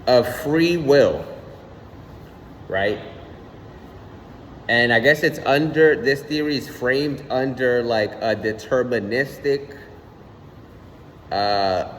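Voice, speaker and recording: A young man ranting casually on his own channel, animated and slangy, swearing often and repeating "son". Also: mid-range voice, in a large hall, a little hiss or hum. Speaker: vlogger. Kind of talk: casual rant.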